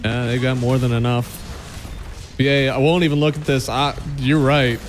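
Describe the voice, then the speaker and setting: A man giving quick, excitable live play-by-play commentary on an esports match, calmer when he analyses between fights. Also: mid-range voice. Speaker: esports caster.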